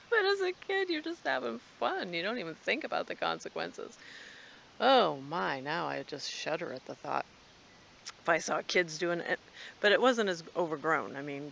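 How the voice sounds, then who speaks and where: A woman's voice: sits low, vocal fry, fairly bright tone, a little hiss or hum. A woman vlogging casually from her backyard and home. She rambles along chattily and coos at her cats. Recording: dull lo-fi home video.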